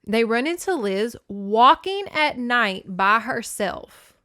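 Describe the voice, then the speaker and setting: A woman's voice: a little high, expressive, slow pace, pushed and bright. A young adult woman hosting a podcast, recapping a horror novel in a chatty, playful way with sarcastic asides. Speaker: podcast host. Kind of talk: casual book recap podcast.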